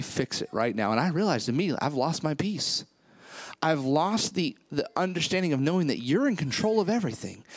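Male preacher, animated storyteller, high and very lively delivery, dry close sound. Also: dry recording. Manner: animated storytelling, rising pitch when excited. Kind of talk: sermon with personal stories.

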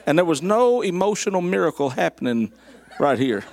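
A man preaching, a folksy, animated storyteller who speaks to his congregation in southern address. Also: a little high, a little fast, gravelly, some chatter behind. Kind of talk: storytelling sermon.

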